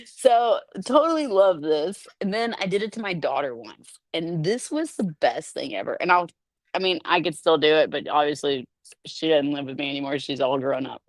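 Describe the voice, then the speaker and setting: A middle-aged woman chatting in an animated way, laughing often and acting out quotes in a somewhat low voice. The recording is dry and close, with no room sound. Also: moderate pace, no room sound. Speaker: podcast guest. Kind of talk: casual storytelling chat.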